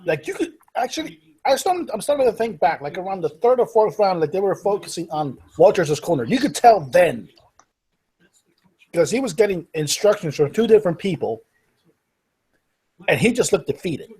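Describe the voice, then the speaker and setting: High, husky, lively-voiced man. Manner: excitable, quick to laugh and react. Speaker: co-host. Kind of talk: casual fight chat.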